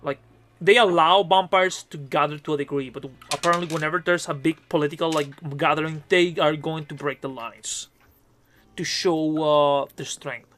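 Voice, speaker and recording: A man's voice: fairly high pitch, fairly even intonation, moderate pace, fairly bright tone. A man acting as game master, narrating a tabletop horror game in a conversational way, with fillers and asides. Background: faint music.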